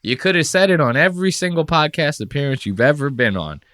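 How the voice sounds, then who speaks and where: A man hosts a podcast in a loose, profane rant, mocking what he has just watched. His voice is bright and swings widely in pitch. The sound is dry and close. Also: big pitch swings, fast, dry recording. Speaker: podcast host. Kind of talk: casual comedic podcast rant.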